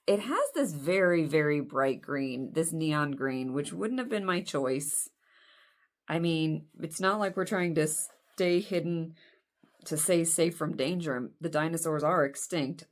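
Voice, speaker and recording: A woman in her forties chatting casually as she unboxes doll clothes, rambling and self-deprecating. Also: low voice. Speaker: doll collector vlogger.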